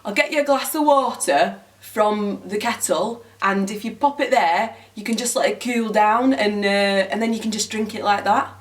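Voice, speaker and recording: A woman puts on a northern English man, calm and matter-of-fact, insisting that everything is simple. His voice sits a little higher than her own speech, and it sounds slightly distant from the mic. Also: normal speed, natural voice. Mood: insistent. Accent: northern English, put on.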